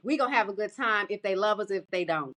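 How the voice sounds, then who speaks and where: Bright-voiced animated woman telling a story. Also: quick pace. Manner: animated, laughs often, voice jumps high for quoted people. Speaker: podcast co-host. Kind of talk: casual storytelling chat.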